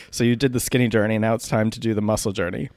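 A man's voice: on the low side, brisk, darkish tone, no room sound. Young guy cohost, teasing, laughs a bunch, dry close mic. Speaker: podcast co-host. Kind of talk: casual chat.

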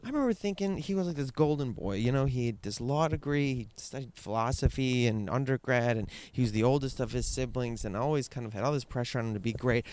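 A man's voice: medium pitch, fast talker, few pauses, a little mellow, slight background noise. A man telling a candid personal story, rambling and swearing, with many fillers and restarts.

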